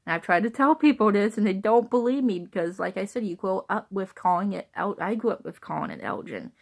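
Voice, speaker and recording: A woman's voice: medium pitch, fairly quick, gravelly. Chatty, rambling woman vlogger. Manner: rambling, repeats herself, laughs between thoughts. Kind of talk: casual rambling chat to viewers.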